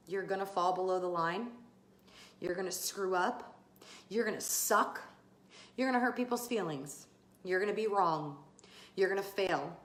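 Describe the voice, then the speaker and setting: Fired-up woman coach in an echoey room. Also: mid-range voice. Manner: emphatic and fired up, casual cursing. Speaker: podcast host and business coach. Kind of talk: motivational talk to listeners.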